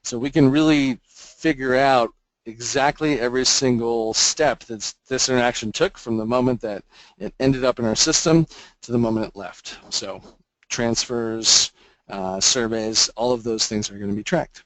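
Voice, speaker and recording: Casual man presenting a software demo. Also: mid-range voice, normal speed, dry recording, rough recording. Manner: casual explanatory, frequent fillers.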